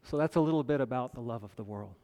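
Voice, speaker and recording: A man preaching a sermon, measured, with dramatic pauses and rising emphasis. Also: medium pitch, warm tone. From United States. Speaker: pastor. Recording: long reverb of a large hall.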